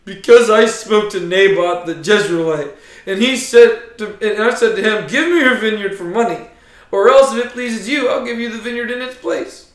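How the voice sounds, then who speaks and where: A man's voice: high voice, moderate pace, close to an everyday voice. A man voicing a self-pitying king who blubbers out his complaint, in a roomy space. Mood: sulky. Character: sulking, whiny king, adult man.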